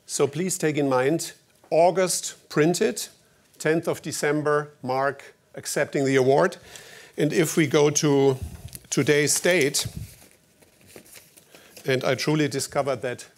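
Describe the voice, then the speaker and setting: A man from Germany with a German accent, giving a formal opening speech at an award ceremony in a wry, anecdotal way with slightly halting phrasing. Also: fairly high pitch, steady tone.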